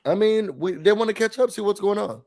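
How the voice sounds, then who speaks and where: Brief: high-pitched male co-host, nasal from a cold, animated recap chatter with acted-out quotes. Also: a little fast. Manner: animated, acts out quotes with big shouts. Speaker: podcast co-host. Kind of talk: casual recap chat.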